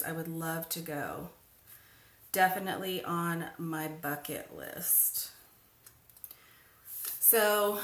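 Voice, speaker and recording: Working on crafts during a casual home livestream, this host chats along and welcomes viewers by name. She has a lowish, fairly bright voice, and the room sounds echoey.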